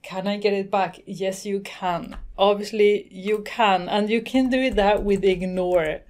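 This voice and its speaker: A woman hosting a screen-recorded software tutorial, chatty and thinking aloud as she works, laughing now and then. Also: mid-range voice, fairly even intonation, measured pace, hardly any pauses. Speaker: tutorial host.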